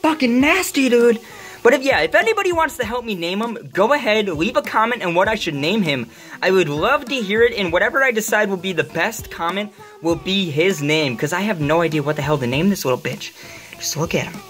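Excitable foul-mouthed woman vlogging. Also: medium pitch, a little fast, faint music behind. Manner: profane and excitable, says dude a lot. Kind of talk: casual vlog commentary. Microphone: handheld camera.

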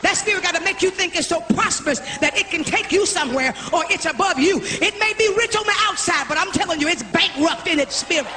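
Speaking quickly with hardly any pauses, a woman with a very high-pitched voice preaches a fiery, repetitive sermon and calls out her congregation. It's a live recording in a church sanctuary, with congregation noise.

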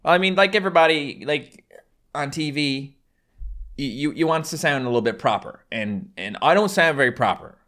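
A man's voice: a little high, animated, normal speed, a bit bright. A man in his twenties with a Newfoundland accent, chatting casually through fan questions on his channel, rambling and joking with local turns of phrase. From Newfoundland, Canada. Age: 20s. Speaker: YouTuber answering fan questions. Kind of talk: casual Q&A chat.

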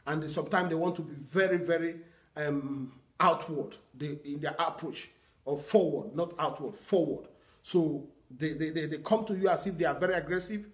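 A pastor delivers a sermon in a somewhat raised voice, leaning on earnest repetition. He teaches his congregation step by step, quoting prayers and scripture as he goes. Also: on the high side. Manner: earnest teaching with repeated phrases and quoted prayers.

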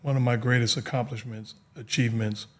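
Male host, mid-pitched, reflective, asks warm follow-ups calmly. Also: brisk. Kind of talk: interview questions.

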